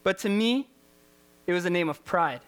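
A man's voice: sits high, animated, moderate pace, a bit bright, smooth. A man preaching a sermon as a youth pastor, impassioned and repetitive, firing rhetorical questions at his listeners.

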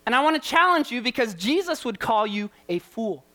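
A man's voice: very high voice, big pitch swings, fairly quick, bright, forceful tone. A man preaching a sermon as a youth pastor, impassioned and repetitive, firing rhetorical questions at his listeners.

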